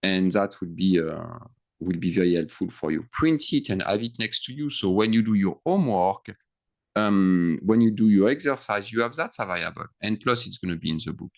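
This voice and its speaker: A man's voice: low-pitched, animated, normal speed, gravelly. A man teaching a grammar lesson over screen share, thinking aloud and checking in with frequent questions. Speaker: French teacher.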